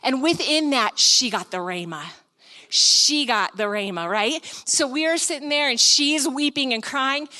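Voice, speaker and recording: Woman speaker, slightly high, sharp and bright voice, lively sermon storyteller. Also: a little slow. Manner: animated, acts out the scene; frequent filler "like".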